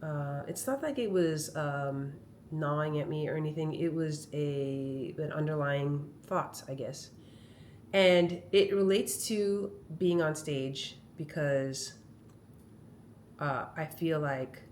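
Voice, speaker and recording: A woman's voice: deep voice, takes it slowly, a little hiss or hum. A woman comedian talking casually to her camera at home, chatty and rambling as she tells stories. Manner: chatty, rambling, animated storytelling. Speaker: comedian vlogger. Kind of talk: casual vlog monologue. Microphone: phone camera.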